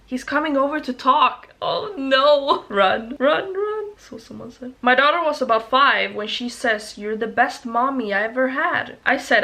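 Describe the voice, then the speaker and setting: A woman's voice: on the high side, bright, forceful tone. A woman reading creepy stories aloud in a casual way, stumbling on words and swearing in her asides.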